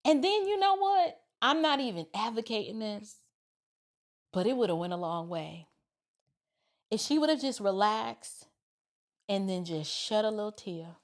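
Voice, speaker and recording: A middle-aged woman hosting a reaction video, telling stories in a casual, animated, colloquial way. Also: medium pitch, unhurried, pauses often. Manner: animated, colloquial, acts out quotes. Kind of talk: casual commentary and storytelling.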